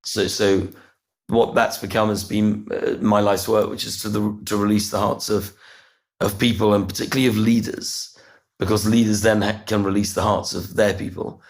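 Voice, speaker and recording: A middle-aged man with a lowish voice tells a personal story in an earnest, halting way. He often circles back with repeated words and restarts as he gathers his thoughts. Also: little pitch movement. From United Kingdom. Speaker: podcast guest. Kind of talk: reflective storytelling interview.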